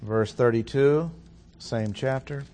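A man leads a Bible study in a medium-pitched voice, reading scripture slowly and deliberately, pausing between phrases. A faint noise sits under the recording. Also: darkish tone. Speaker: Bible teacher.

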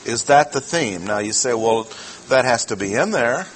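A man's voice: medium pitch, lively intonation, moderate pace, a bit bright, a little hiss or hum, poor audio. A man preaching a sermon, teaching through a passage with rhetorical questions and repeated key phrases.

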